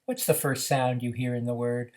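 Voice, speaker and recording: A man teaching how to run a reading activity, explaining in a measured way with frequent "uh" fillers. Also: medium pitch, steady tone, darkish tone. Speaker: reading program instructor. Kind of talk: instructional demonstration.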